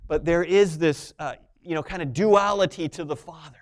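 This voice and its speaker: Man, pastor, sermon, high voice, smooth and resonant, soft to emphatic. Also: normal speed. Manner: swings from soft, intimate asides to loud emphatic preaching.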